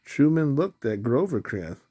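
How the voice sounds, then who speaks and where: A man reading a children's picture book aloud at a slow, even pace. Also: mid-range voice, breathy edge. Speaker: storybook reader.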